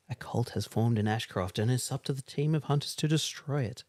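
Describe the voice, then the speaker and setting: A man's voice: fairly quick, few pauses, a little mellow. A man co-hosting a casual chat, reading game box blurbs in silly voices and laughing often. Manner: playful, laughs often, drops into a low movie-trailer voice. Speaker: co-host.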